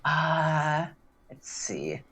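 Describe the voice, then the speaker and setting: A woman taking part in a tabletop game, with a low voice and a slow, drawn-out pace. She stops and starts as she works out her moves, filling gaps with ums and likes. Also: very animated, a bit bright, breathy edge. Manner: hesitant, full of fillers. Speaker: player. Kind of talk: casual tabletop play.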